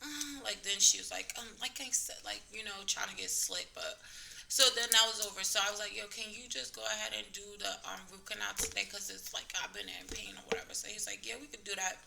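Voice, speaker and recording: A woman's voice: medium pitch, fairly even intonation, brisk, vocal fry, pushed and bright, a little hiss or hum. A woman vlogger casually retelling a story to camera with lots of fillers, acting out the other people's lines.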